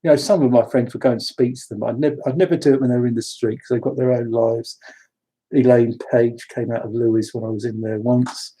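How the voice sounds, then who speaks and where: Husky man rambling through anecdotes. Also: mid-range voice, steady tone, a little fast, mellow. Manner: chatty, wandering, frequent restarts. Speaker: storyteller.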